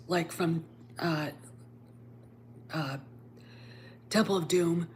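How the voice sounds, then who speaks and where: Woman, casual film review, rambling and emphatic, lowish pitch, faint background hum. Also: fairly even intonation, slow pace, long pauses. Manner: rambling, emphatic, drops to a whisper at times. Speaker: channel host reviewing a film.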